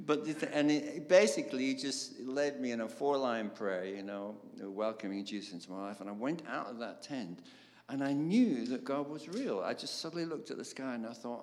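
An older man, a songwriter telling his story in an interview, animated and laughing, with many fillers. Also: medium pitch, moderate pace. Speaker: guest songwriter. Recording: roomy reverb, faint background noise.

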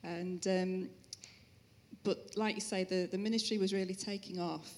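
A woman speaking as an interview guest, sharing her personal faith story and family life in a gentle, sincere way. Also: mid-range voice, fairly even intonation, moderate pace. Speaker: interview guest, musician's wife. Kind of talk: personal testimony.

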